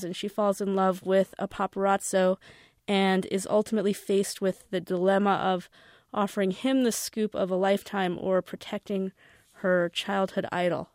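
A woman's voice: medium pitch, level tone, normal speed, dry recording, studio quality. Woman reading her novel aloud. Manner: wry first-person narration.

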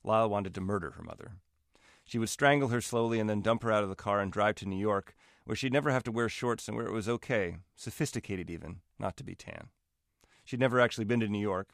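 A man, the author, giving a wry, measured reading of his own fiction. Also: fairly low pitch, vocal fry, no room sound, clean studio sound. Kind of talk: literary reading.

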